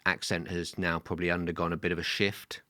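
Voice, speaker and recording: A man co-hosting a comedy podcast, teasing and laughing in animated banter. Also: low-pitched, fast talker, no echo, studio quality. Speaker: podcast co-host. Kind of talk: casual comedy chat.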